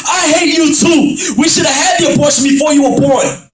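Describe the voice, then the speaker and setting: Man doing a raging yelling dad, high strained voice, echoey room, distant mic. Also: lively intonation, normal speed, faint music behind. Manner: shouting, furious then wailing. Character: angry proud father, later grieving.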